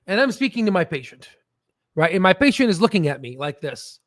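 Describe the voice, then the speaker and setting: A man with a high voice talks through stock news casually and loosely, drifting into jokes and checking in with "right?". The sound is dry and close. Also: very animated, fairly quick, fairly bright tone, no echo. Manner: rambling, jokey, keeps asking "right?". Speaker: stock market video host.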